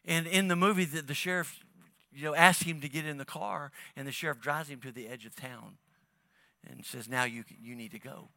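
A man giving a sermon with a bright, high-leaning voice that stumbles and restarts as he speaks. The sound is dry and close, with almost no room around it. He talks to his church like it is a chat among family. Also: creaky, dry recording. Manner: conversational, halting with many restarts. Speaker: pastor.

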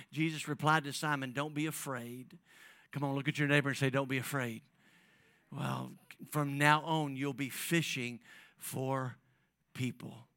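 A man preaching a sermon, calling on the congregation and swinging between loud emphasis and soft, drawn-out phrases. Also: mid-range voice, creaky, no echo. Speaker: pastor.

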